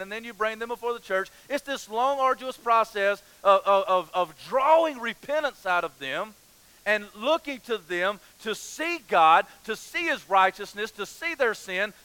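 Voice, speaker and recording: A man's voice: very high-pitched, pushed and bright, clean tone, no room sound, rough recording. A man preaching a sermon as pastor, passionate, repeating phrases and asking rhetorical questions.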